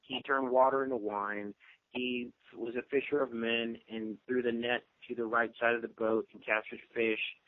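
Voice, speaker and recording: A man who is a guest on a radio show, explaining at length in a steady, lecturing way with frequent ums. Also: medium pitch, moderate pace, no room sound. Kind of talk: casual radio interview talk. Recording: dry tinny phone-line sound.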